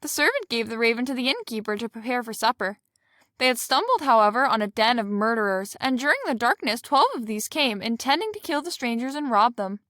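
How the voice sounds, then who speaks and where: A woman reading a fairy tale aloud in a steady, plain storybook way. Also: a little high, fairly quick, no echo, studio quality.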